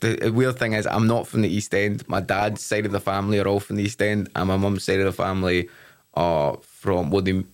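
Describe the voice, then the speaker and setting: Man, Glaswegian accent, young adult, lowish pitch, casual podcast chat, animated, acts out quotes. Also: a little fast. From Scotland. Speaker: stand-up comedian guest.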